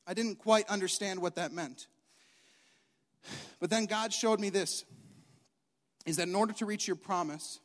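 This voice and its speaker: Young male preacher, high voice, emphatic and repetitive delivery, hall reverb. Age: young adult. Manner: animated, emphatic, repeats key lines. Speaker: youth preacher. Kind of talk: sermon.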